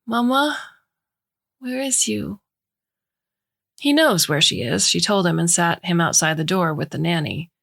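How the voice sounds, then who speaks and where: A woman narrating a short story in a measured, even way. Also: on the low side, vocal fry.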